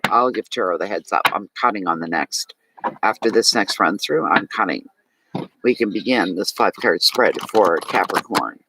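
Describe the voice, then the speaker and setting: A sharp-toned man with a fairly low voice and a Maritime Canadian accent is reading tarot live, talking chattily and animatedly to viewers and answering their chat messages. The recording is rough.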